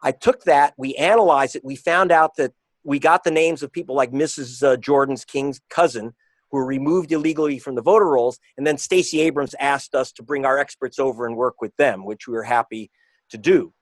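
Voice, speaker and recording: A man is interviewed as a guest, an author and reporter, speaking emphatically and combatively and slowing down to stress his points. His voice is medium-pitched, with no room sound.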